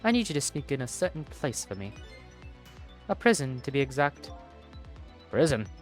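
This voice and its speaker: A streamer performs a game's dialogue aloud, with an animated pitch that swings all over. Between lines come quick jokes and swearing. Faint music plays behind the voice. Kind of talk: playing a game and voicing its dialogue aloud.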